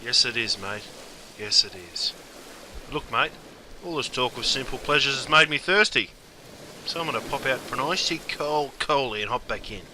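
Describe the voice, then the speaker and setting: A man's voice: medium pitch, expressive, normal speed, pushed and bright, a little hiss or hum. A man voicing a cheeky knockabout Australian bloke, talking in a broad, slangy Australian drawl with "mate" at every turn. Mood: larrikin banter. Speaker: slang explainer.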